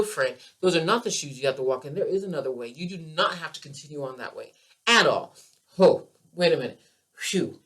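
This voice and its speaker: A woman's voice: fairly low pitch, fast talker. Passionate, emphatic woman podcast host. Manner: emphatic, animated, repeats phrases for emphasis. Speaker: podcast host and keto coach. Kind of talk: passionate health monologue.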